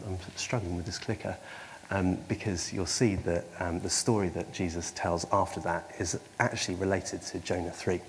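A man preaching a sermon, hesitant, with frequent ums and restarts and wry self-mocking humour. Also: deep voice. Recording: long hall reverb, faint background noise.

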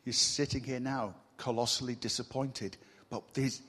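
A male preacher giving a sermon to a congregation in a church, animated and humorous, teasing the room with rhetorical questions. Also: medium pitch, moderate pace, few pauses, slight background noise. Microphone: mic on a stage.

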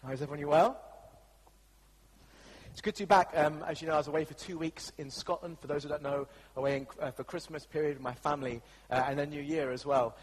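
A man's voice: a little high, steady tone, fast talker, breathy edge, big-room sound, low-quality recording. An English man preaching a sermon as the church pastor, telling a story in a chatty, anecdotal way with frequent fillers. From England.

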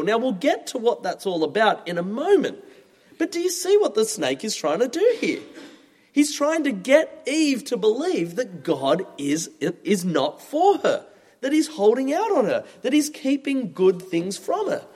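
A man in his thirties preaches a sermon in a chatty, expressive way. His voice sits high and swings widely in pitch. The sound carries a long reverb from a large hall. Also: normal speed, husky. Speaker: pastor.

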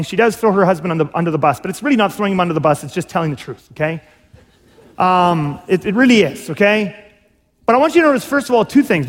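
A male pastor giving a sermon with a high voice. He talks to his congregation casually, asks them questions, and acts out quotes. The voice echoes with the long reverb of a hall.

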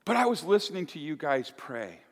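Man, pastor, animated folksy sermon, long church reverb. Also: a little high, a little fast. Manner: animated, folksy, with playful asides. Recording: echoey church hall.

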